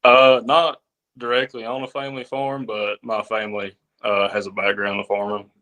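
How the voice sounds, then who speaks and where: Man, 19, from Virginia, Southern American accent, farmhand guest, brief plain answers, bright tone. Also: on the low side, monotone, moderate pace. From Virginia, USA. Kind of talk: interview answers.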